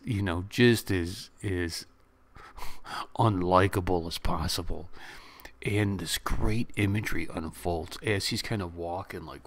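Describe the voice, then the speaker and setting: A man recapping and reviewing a movie in a rambling, excitable way, acting out lines from the scenes. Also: low-pitched. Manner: excitable, rambling retelling with laughs and quoted lines.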